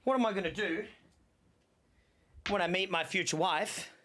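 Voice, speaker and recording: A man's voice: high voice, normal speed, sharp tone. Breathless young man streaming a game. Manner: rambling, joking, talks to chat. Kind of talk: casual gaming stream chat.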